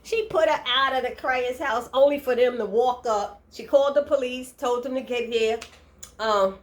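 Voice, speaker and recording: A woman recapping a TV episode in a casual, animated way, laughing and acting out the characters' lines. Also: on the high side, normal speed. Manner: expressive, laughing, acts out quotes. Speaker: TV recap vlogger.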